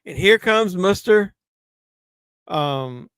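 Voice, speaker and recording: A man's voice: high-pitched, lively intonation, very slow, a bit bright, clean tone, no room sound, clean studio sound. A man with a Southern drawl hosting a casual movie watch-along livestream, joking loosely while drinking. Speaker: livestream host.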